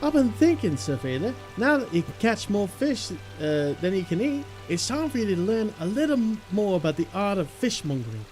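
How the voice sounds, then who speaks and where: A man putting on a high-voiced, genteel fishmonger who speaks in a formal, mannered way. Faint music plays beneath this live-streamed game voice. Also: big pitch swings, fairly quick, hardly any pauses, darkish tone. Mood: courteous. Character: genteel male fishmonger, polite and wordy.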